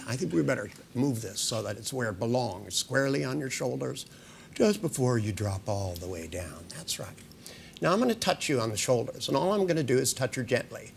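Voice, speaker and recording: A man hypnotizes volunteers in slow, soothing patter, with a gravelly edge to his voice. His pitch rises and falls widely as he coaxes them deeper, and he often repeats "that's right". He drops in playful jokes now and then. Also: a little hiss or hum. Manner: playful, joking with the audience. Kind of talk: live hypnosis demonstration with volunteers.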